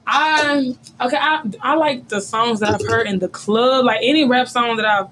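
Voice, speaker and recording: A woman's voice: on the high side, normal speed, very noisy. A young woman rapper telling stories in a casual radio interview, blunt and profane, laughing often. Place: radio studio.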